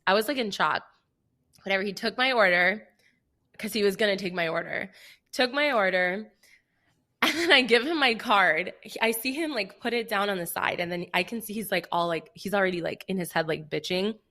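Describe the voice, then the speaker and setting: A young woman with a bright, forceful voice tells a story on a casual podcast. She acts out what everyone said and fills her talk with "like." The delivery is animated and chatty. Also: medium pitch, fairly quick. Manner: animated storytelling, acting out quoted dialogue, frequent "like". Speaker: podcast co-host. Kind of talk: casual chat.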